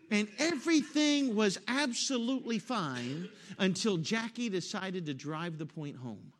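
A man preaching an emphatic sermon, telling a story along the way and rising to loud peaks. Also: sits high, very animated, a little slow, a little hiss or hum. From West Virginia.

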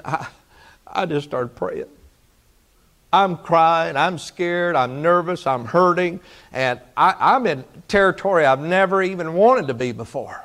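A man preaching, telling a personal story with feeling, rising loud and falling hushed. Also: high-pitched. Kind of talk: sermon testimony.

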